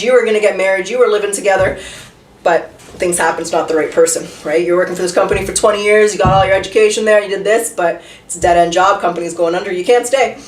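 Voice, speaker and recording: With a medium-pitched voice and a little hiss or hum behind it, a woman gives an informal tarot reading. She talks chattily, poses many rhetorical questions, and lets slip the odd swear word, her voice echoing and somewhat distant from the microphone.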